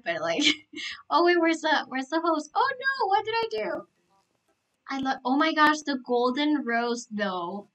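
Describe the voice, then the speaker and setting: A young woman live-streaming a game, gushing with excitement, gasping and repeating herself. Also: on the high side, poor audio.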